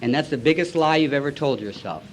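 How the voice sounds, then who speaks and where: A man's voice: medium pitch, lively intonation, quick pace, slight background noise. A man in his forties giving a recovery meeting talk, a blunt, colloquial storyteller who acts out past conversations.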